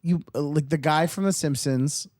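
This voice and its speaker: A man's voice: fairly high pitch, moderate pace, darkish tone, no echo, clean studio sound. A man chatting as a guest on a podcast, jumping in with chatty remarks. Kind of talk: casual podcast chat.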